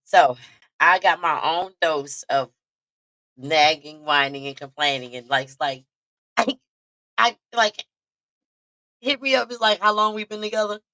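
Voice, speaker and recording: Animated, tense-voiced woman host. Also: sits low, slow, pauses often, no echo. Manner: animated, laughs often, talks straight to listeners. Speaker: podcast host. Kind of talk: casual storytelling chat.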